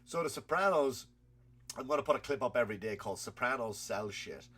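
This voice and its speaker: A man's voice: medium pitch, animated, fairly quick, bright, forceful tone, husky. Profane man ranting, with a cold. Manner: rambling, profane, laughing at his own stories. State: has a cold. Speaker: comedian and podcast host. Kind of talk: comedic rant.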